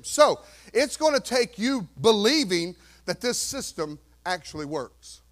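A preaching pastor with an unusually high male voice. He stays emphatic throughout, pressing the congregation with rhetorical questions. He drops to near whispers and then rises to shouts. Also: sing-song, a little slow. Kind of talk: sermon.

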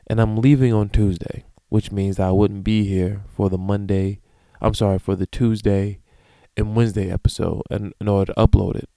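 A man in his thirties hosting a solo podcast, ranting in a profane, animated, comedic way. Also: lowish voice, vocal fry, no echo. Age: 30s. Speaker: podcast host. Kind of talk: casual solo podcast monologue.

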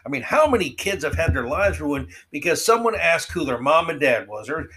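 A man hosting an opinion podcast monologue, sarcastic and mocking, drawing some words out slowly and rushing through quick asides. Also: fairly high pitch, expressive, sharp tone, slightly rough. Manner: swings between slow drawl and quick asides. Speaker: podcast host.

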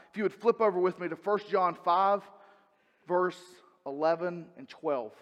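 Male preacher, higher voice, conversational and earnest, reverberant hall sound. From North Carolina, US South. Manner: earnest, conversational preaching with frequent repetitions and self-corrections. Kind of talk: sermon.

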